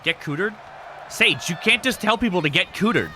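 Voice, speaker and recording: Lively man commentating a wrestling game stream. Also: high voice, normal speed, background noise. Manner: animated, laughing, swearing, chatting with viewers. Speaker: stream host and match commentator. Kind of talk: casual live-stream commentary.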